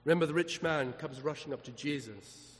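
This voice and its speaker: A man's voice: fairly high pitch, fairly quick, a little hiss or hum. A man preaching a sermon as a vicar, emphatic, asking the congregation rhetorical questions. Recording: long hall reverb.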